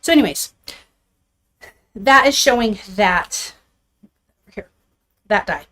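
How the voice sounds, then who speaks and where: A woman's voice: medium pitch, lively intonation, slow, pushed and bright. A woman hosting a live card-making stream, chatting casually and upbeat with her viewers as she shows her supplies, a little out of breath. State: a bit out of breath. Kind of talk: casual live crafting chat.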